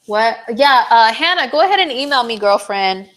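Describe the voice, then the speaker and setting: A woman hosting a live horoscope stream in a casual, chatty way, full of "like" and "um", her voice slightly hoarse. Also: a little high, animated, normal speed, fairly bright tone. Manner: chatty, lots of "like" and "um", reads viewer comments aloud.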